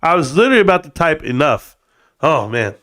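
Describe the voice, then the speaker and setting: A man's voice: fairly high pitch, sing-song, brisk, bright, forceful tone. Joking, blunt male live-streamer. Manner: joking, blunt, says "bro" a lot, swears. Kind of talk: casual live-stream chat.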